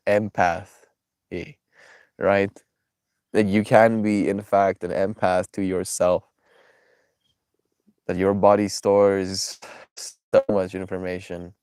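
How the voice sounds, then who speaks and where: A man's voice: on the low side, darkish tone, clear, resonant tone, no room sound, clean studio sound. A man with a stuffy nose chatting casually on a live stream, reflective and affectionate, reading viewers' names aloud and musing about life.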